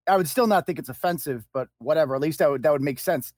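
A man's voice: a little high, fast talker, darkish tone, dry recording. A man co-hosting a podcast, speaking with a sarcastic, mocking manner in casual chat. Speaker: podcast co-host.

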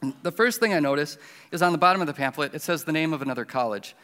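A man's voice: a little high, very fast, sharp tone. A man, preaching a sermon and telling a self-deprecating personal story in a conversational way. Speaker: pastor. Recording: reverberant hall.

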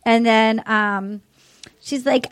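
Woman, podcast co-host, high pitch, dry close sound, long retellings. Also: fairly even intonation, takes it slowly, smooth, no room sound. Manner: retells scenes at length, acting out quotes. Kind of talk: casual chat recapping a reality show.

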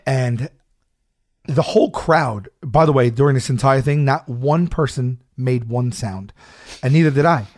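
A man telling a story in casual chat, animated and laughing often, acting out shouted quotes. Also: medium pitch, a little slow.

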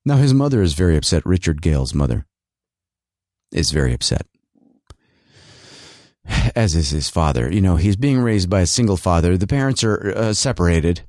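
A man's voice: low voice, big pitch swings, normal speed, pauses often, a little mellow, no echo. Rambling sarcastic man, dry sound. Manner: rambling, sarcastic, lots of fillers and restarts. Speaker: podcast host and working actor. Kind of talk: casual solo rant.

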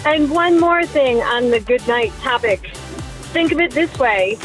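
A woman's voice: sits high, lively intonation, unhurried, fairly bright tone, soft background music, low-quality recording. A woman giving a playful, mock-serious comment.

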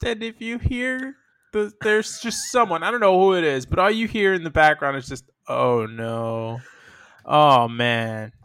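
Man, podcast co-host, sardonic, profane, dry close sound, fairly high voice. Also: moderate pace, fairly bright tone, no echo. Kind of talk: casual chat.

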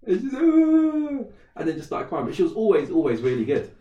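A man's voice: on the high side, very animated, rapid-fire, echoey room, far from the mic, muffled recording. A man co-hosting a podcast, telling a story in casual chat and acting out a child's voice. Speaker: podcast co-host.

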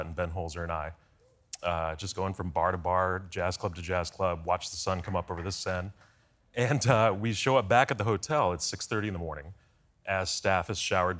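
Deep-voiced man telling stories. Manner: lively storyteller, quick asides. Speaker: guest, former speechwriter. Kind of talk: talk show anecdote telling.

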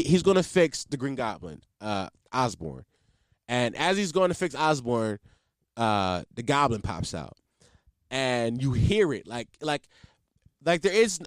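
Animated, loose-talking man with a lively voice. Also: mid-range voice, no room sound, clean studio sound. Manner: loose and emphatic, heavy on "like" and profanity. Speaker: podcast host. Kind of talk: casual movie review chat.

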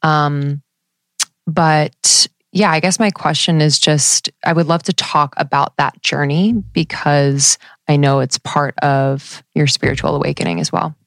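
A woman's voice: deep voice, fairly even intonation, a little slow, fairly bright tone, no room sound, clean studio sound. A woman co-host asking a rambling question in casual chat. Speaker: podcast co-host.

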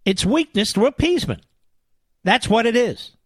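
A man's voice: very high-pitched, lively intonation, moderate pace, slightly rough, no echo. A man hosting a political talk radio show, delivering a combative, indignant monologue with emphatic repetition.

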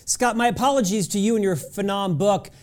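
A man's voice: high voice, a little fast, darkish tone. A man hosting an interview who asks long, rambling questions and often fumbles and restarts them. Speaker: host.

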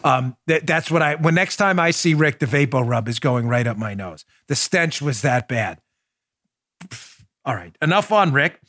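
A man's voice: mid-range voice, expressive, normal speed, a bit bright, no room sound, clean studio sound. A middle-aged man hosting a political commentary podcast, talking in a sarcastic, mocking and emphatic way. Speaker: podcast host, former police officer.

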